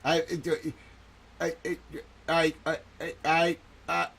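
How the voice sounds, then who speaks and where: A man with a fairly high voice speaks slowly and deliberately into a studio microphone. He hosts a live stream, sounds badly shaken, repeats the same phrases over and over, and stumbles on his words. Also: completely flat delivery, creaky, fairly bright tone, slightly rough. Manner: distressed, repeats himself and stammers. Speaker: livestream host and reporter.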